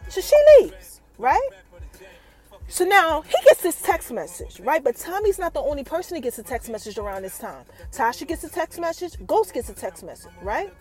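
With faint music in the background, a podcast host speaks in a high-pitched voice at normal speed, casually recapping a TV episode. She's animated and keeps her listeners involved by constantly asking them questions.

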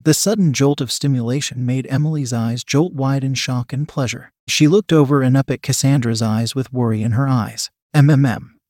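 A man narrating a scripted story in a steady, unhurried reading. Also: medium pitch, no echo, studio quality.

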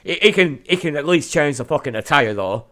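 A man co-hosting a casual podcast, excitable, laughing often and swearing freely. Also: on the high side, fairly quick. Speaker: podcast co-host.

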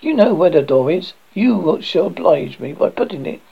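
A man voicing a calm, mocking male visitor who drops in at midnight and teases his host in a dry manner. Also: on the high side, moderate pace, gravelly, slightly rough, full character voice. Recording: dull lo-fi recording.

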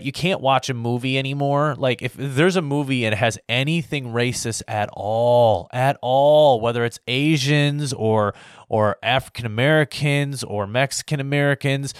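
A man's voice: medium pitch, dry recording, studio quality. A man in his early thirties ranting in a casual, heated way, swearing often and rambling with lots of fillers. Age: 30s. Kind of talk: casual opinion rant to camera.

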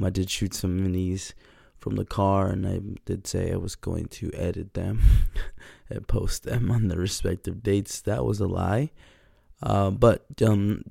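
A stuffed-up young man rambles through a casual solo podcast episode, full of fillers and swearing. His voice sits low and heavily gravelly with a dark, mellow tone. The recording through his podcast mic is close and dry. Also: no echo. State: stuffed up, congested. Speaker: podcast host.

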